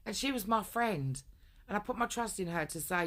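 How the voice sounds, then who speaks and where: A woman's voice: medium pitch, expressive, moderate pace, a bit bright. A woman telling a long personal story in a rambling, blunt way, swearing often. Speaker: vlogger. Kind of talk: casual storytelling rant.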